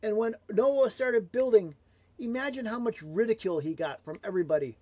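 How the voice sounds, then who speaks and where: A man giving a motivational livestream talk, emphatic and swinging between loud declarations and hushed asides. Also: high-pitched, fairly quick, no echo, muffled recording. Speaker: motivational speaker.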